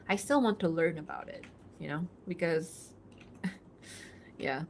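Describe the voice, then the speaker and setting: A woman livestreaming while she draws, casually reading out and answering chat, chatty and quick to giggle, thinking aloud with fillers. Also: lowish voice, expressive, slight background noise. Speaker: livestreaming artist.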